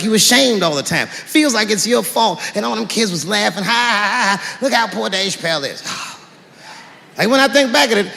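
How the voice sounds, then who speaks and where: A middle-aged man doing stand-up storytelling on a theater stage, animated and profane, with exasperated outbursts. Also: sits high, gravelly. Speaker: stand-up comedian. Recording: theater hall reverb with faint audience ambience.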